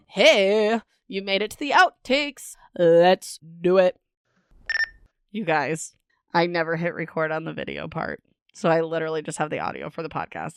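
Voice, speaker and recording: A bubbly woman hosts a casual book podcast into a home microphone, with a smooth and clear voice. She laughs at herself and trips over words as she reads. The sound is close and dry, with no room echo. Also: on the low side, very animated, normal speed. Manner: bubbly and self-mocking, stumbles over words while reading. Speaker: podcast host.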